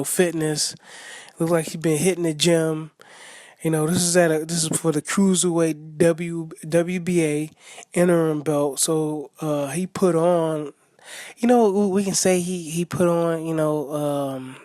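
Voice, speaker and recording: A man's voice: on the high side, a little mellow, dry recording, studio quality. A man giving a casual, rambling monologue, full of fillers and restarts. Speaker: boxing commentator vlogger.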